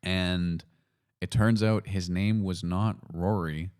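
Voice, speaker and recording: A man from Canada hosting a podcast, talking in a relaxed, hesitant way with lots of fillers. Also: sits low, slow pace, clear, resonant tone. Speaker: podcast host. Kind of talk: casual chat.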